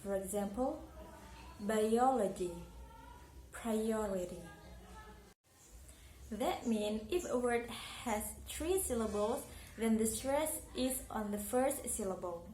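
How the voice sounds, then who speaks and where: Young indonesian woman with an indonesian accent, slightly high voice, careful pronunciation lesson, echoey room, faint hiss. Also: lively intonation, a little slow, dark tone. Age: young adult. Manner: careful, explaining and repeating example words. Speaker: university student. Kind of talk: recorded English pronunciation lesson.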